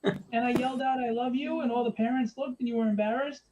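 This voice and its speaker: A man's voice: very high-pitched, fairly even intonation, fast talker, darkish tone. A man hosting a live stream from home in a casual, joking, teasing way. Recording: dull lo-fi stream audio with faint noise.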